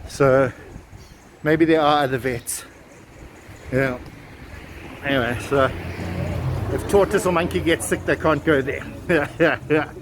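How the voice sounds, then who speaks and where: Out on a town street with traffic passing, a male travel vlogger tells a folk tale in a casual, chatty walking vlog full of asides. His slightly high voice stays fairly even in intonation, at a measured pace broken by long pauses.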